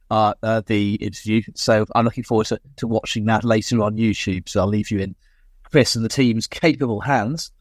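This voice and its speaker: A man hosting a casual online panel show over a video call, friendly and halting, with many fillers. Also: medium pitch, no room sound. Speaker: host.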